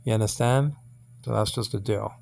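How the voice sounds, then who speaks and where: A man's voice: lowish voice, fairly even intonation, vocal fry, a little mellow. A man hosting his own channel and teaching Hebrew letters from the Bible in an informal lesson. He halts, repeats words and checks in with his listeners. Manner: halting, repeats words, many fillers; coaxing checks like "okay?" and "you understand?".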